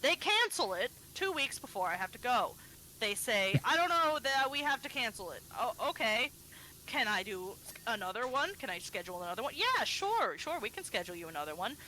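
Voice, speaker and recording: Bright, lively young-sounding woman streamer. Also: fairly high pitch, brisk, slight background noise, poor audio. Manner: animated storytelling, acts out phone calls. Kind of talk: casual chat while gaming.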